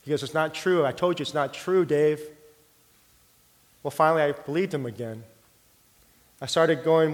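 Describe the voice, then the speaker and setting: A middle-aged man preaching a sermon, telling a personal story in an earnest, heartfelt way and sometimes dropping his voice soft. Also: mid-range voice. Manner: earnest storytelling, drops soft for quoted prayer. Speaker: pastor. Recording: long hall reverb.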